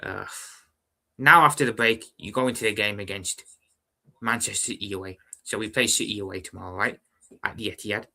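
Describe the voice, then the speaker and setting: A young man hosting a casual football fan live stream, talking calmly and evenly while reading out viewer comments. He often repeats himself and calls viewers brother. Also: fairly low pitch, fairly quick, gravelly. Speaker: football fan livestream host.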